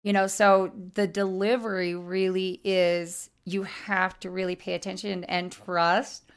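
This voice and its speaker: Brief: woman psychic guest, smooth clear voice, animated storyteller. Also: medium pitch, a little slow. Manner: lively storyteller, acts out quotes. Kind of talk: casual chat.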